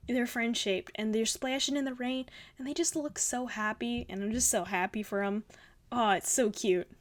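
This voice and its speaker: A woman's voice: on the high side, moderate pace. A young woman hosting a casual art review, gushing and rambling with lots of fillers. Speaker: art channel host. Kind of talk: casual art critique commentary.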